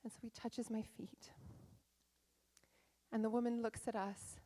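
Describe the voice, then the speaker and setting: A woman's voice: a little high, flat delivery, measured pace, mellow. A middle-aged woman, a life coach, giving a candid and dramatic personal storytelling talk on stage.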